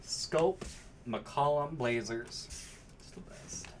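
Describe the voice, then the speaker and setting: A man hosting a card break chats casually, calling out cards in between stories as he opens packs. He speaks at a medium pitch and very slowly, with a little hiss or hum in the background.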